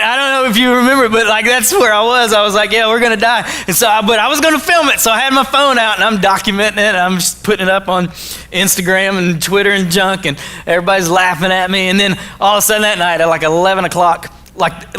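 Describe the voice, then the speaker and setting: A man from Arkansas, giving a jokey, animated storytelling talk to a school audience. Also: high voice. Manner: animated, jokey, acts out his own quotes. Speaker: motivational speaker.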